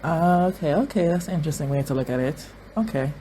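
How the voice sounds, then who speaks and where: An excitable host of a TV reaction video, talking casually through each scene and echoing the same words again and again while reacting. The voice sits at a middling pitch. A faint background hum lies under the talk. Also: quick pace.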